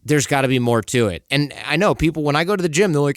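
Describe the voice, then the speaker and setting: Smooth-voiced chatty man from Michigan. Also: medium pitch, fast talker, dry recording, clean studio sound. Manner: chatty, lots of "like" fillers. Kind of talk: casual podcast conversation.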